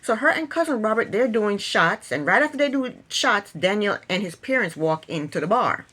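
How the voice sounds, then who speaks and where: A woman's voice: mid-range voice, animated, moderate pace, fairly bright tone, slightly rough. A woman casually recapping a reality TV episode, chatty and opinionated, retelling scenes and acting out quotes.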